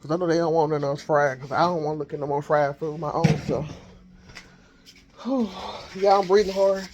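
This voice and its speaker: A man vlogging casually from his home kitchen on a handheld phone, thinking out loud as he cooks. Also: on the high side, flat delivery, fast talker, dull audio, noisy background. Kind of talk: casual chat while cooking.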